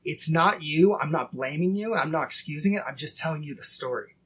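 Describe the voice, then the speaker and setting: A man in his thirties hosting a casual faith podcast, earnest and acting out inner dialogue in quick quoted bits. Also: fairly high pitch, a bit bright, slight background noise. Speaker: podcast host.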